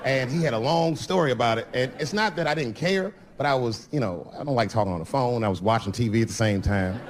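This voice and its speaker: A man's voice: medium pitch, fast. A middle-aged man doing stand-up storytelling on stage, profane and conversational, slipping into the voices of people in his stories. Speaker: stand-up comedian. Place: comedy stage before a live audience.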